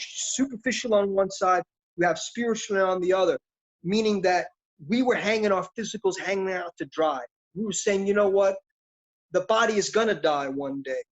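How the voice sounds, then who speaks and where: A middle-aged man, an actor, talking in a reflective, philosophical, street-casual way in an interview. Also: high voice. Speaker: actor guest. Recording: dull lo-fi sound.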